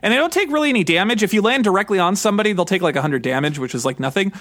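A man in his thirties co-hosting a podcast, chatting excitedly and rambling with lots of fillers. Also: high voice, racing. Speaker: podcast co-host. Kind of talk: casual chat.

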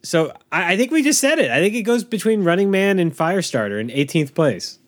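A man's voice: sits high, sing-song, a little fast. A man co-hosting a podcast, talking in casual movie-review chat with a ranting, exasperated manner. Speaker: podcast co-host.

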